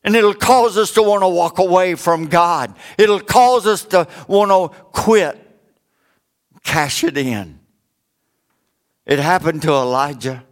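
A middle-aged man preaching a sermon, rising for emphasis and dropping low for joking asides. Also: slow. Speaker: pastor.

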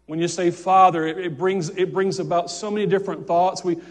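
A male pastor preaching a sermon, fervent and repetitive, with stammered restarts, swinging between loud exclamations and quiet asides. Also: sits high, steady tone, a little fast.

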